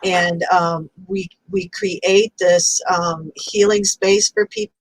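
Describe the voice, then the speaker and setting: A woman's voice: lowish voice, fairly even intonation, takes it slowly, no echo, poor audio. Effusive woman host, dry sound. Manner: effusive, enthusiastic. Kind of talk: casual chat.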